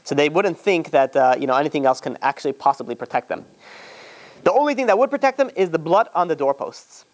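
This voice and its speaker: A man's voice: fairly high pitch, lively intonation, fast. A man teaching as a rabbi, telling a story informally to a class, with many restarts and asides, and acting out the quotes. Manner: chatty, with frequent restarts and "you know"s, acts out quotes.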